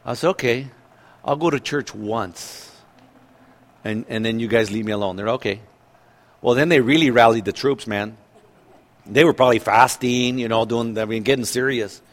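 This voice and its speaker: A middle-aged man preaching a sermon in a lively way, acting out the voices of people in the story and laughing as he goes. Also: medium pitch, a little fast. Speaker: pastor.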